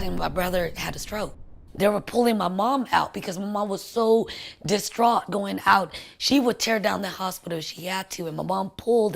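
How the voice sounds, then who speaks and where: A woman telling a personal family story in an interview, speaking softly and often in a hushed, emotional way. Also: mid-range voice, vocal fry, a little hiss or hum. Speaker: sister of the deceased.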